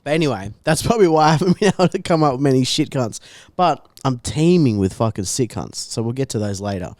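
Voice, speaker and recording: A man's voice: mid-range voice, quick pace, dry recording, studio quality. A young Australian man co-hosting a podcast, telling stories in a loose, sweary, laughing way. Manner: animated storyteller, swears a lot, laughs often. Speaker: podcast co-host. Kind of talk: casual chat.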